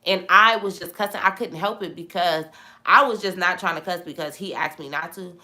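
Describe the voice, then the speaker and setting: A young woman with a bright, forceful tone and a slightly low pitch talks through scripture in a relaxed live-stream chat. She preaches in an animated way, circling back to the same lines for emphasis. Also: a little fast. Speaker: host of a live Bible chat. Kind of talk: casual live-stream Bible talk, reading viewer comments.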